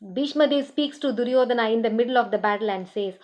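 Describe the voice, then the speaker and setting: A woman's voice: a little high, fast talker, a little mellow. A woman teaching a scripture class, retelling epic stories and speaking the characters' lines herself, with frequent restarts and fillers.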